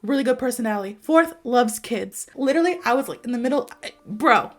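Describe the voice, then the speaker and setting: A young American woman, an English teacher, telling a story in a lively, dramatic, slangy way. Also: on the high side, fairly quick. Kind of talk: storytelling lesson to camera.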